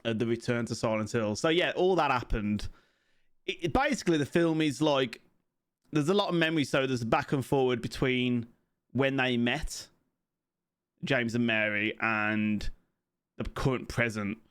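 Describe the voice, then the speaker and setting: A man's voice: medium pitch, moderate pace, a bit bright, smooth. A man giving an off-the-cuff film review, rambling and swearing constantly, with laughing asides.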